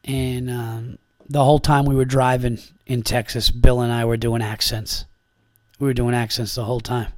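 A man's voice: medium pitch, flat delivery, moderate pace, no room sound, studio quality. A man from upstate New York hosting a comedy podcast in casual chat, rambling and profane, with lots of fillers.

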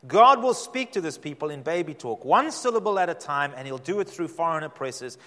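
A middle-aged man, a pastor, giving a sermon with dramatic, emphatic delivery and slow repeated phrases. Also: on the high side, expressive, a bit bright. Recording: long hall reverb.

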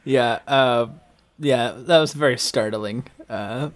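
A man's voice: mid-range voice, takes it slowly. Dry-humored man on a movie podcast. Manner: dry, laughing, agreeable. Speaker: podcast co-host. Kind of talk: casual movie recap chat.

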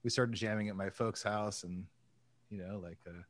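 A man's voice: on the low side, fairly even intonation, moderate pace, no room sound. A man in casual chat who eagerly jumps in with stories from the band's past. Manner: eager, interjecting, chatty. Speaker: band member.

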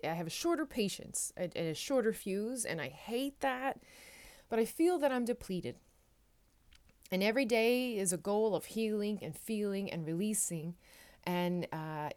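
A woman hosts her own podcast, offering soft, reassuring affirmations that she repeats again and again. Her voice sits somewhat low for a woman. She sounds a little tearful at times, and her heartfelt delivery stays gentle throughout. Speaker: podcast host. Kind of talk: heartfelt solo podcast talk.

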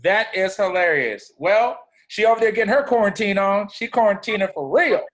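A man's voice: high-pitched, normal speed, fairly bright tone. A man hosting a radio talk show, reacting with jokes and playful banter. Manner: reactive, joking, playful sign-off.

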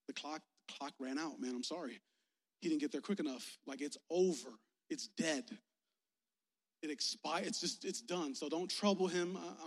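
A man voicing an awkward messenger who hesitantly and apologetically breaks bad news in a low, quiet voice. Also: lightly acted.

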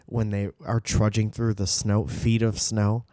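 Male podcast co-host, low-pitched, dry close sound, loose joking delivery. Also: little pitch movement, measured pace, mellow, dry recording. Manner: joking, rambling. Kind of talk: casual chat.

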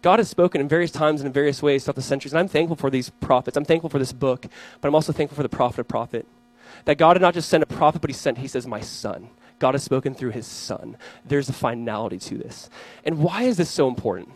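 A young man, a pastor, preaching a sermon to his congregation, telling animated stories and acting out voices in his anecdotes. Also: medium pitch, fast talker, hardly any pauses, soft background music, low-quality recording.

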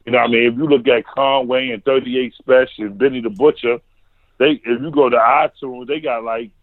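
A man's voice: mid-range voice, fairly even intonation, a little fast, dry recording. A man from Harlem with a New York accent, chatting casually and telling stories in slang. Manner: laid-back, slangy storytelling. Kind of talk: casual chat. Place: home basement. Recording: tinny phone-like line.

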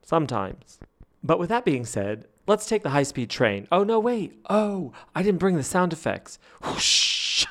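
A man hosting a fan podcast, telling stories and chatting in a gossipy, animated way that breaks into laughs. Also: on the high side, moderate pace. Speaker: podcast host. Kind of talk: casual chat.

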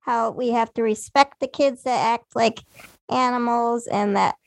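A woman's voice: a little high, fairly even intonation, a little slow, no room sound, poor audio. A woman co-hosting a casual chat, talking in a blunt, matter-of-fact way.

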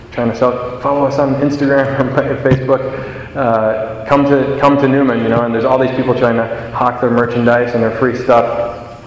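A man's voice: mid-range voice, slight background noise. A young man giving a homily in a chatty, self-deprecating storytelling manner. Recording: echoey church with long reverb.

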